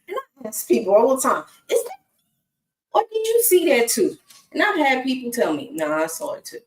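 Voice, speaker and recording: Chatting straight to viewers, a woman gives an informal faith talk as an inspirational speaker, occasionally turning aside to talk to her dog. Her high voice swoops wildly in pitch at a normal speed, broken by long pauses. The mic sits at a distance in an echoey room.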